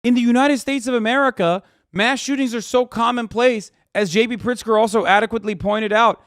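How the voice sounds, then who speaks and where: A man streaming, commenting heatedly on clips in profane casual talk that rises into shouting rants. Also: very high voice, fairly quick, hardly any pauses, no echo, studio quality.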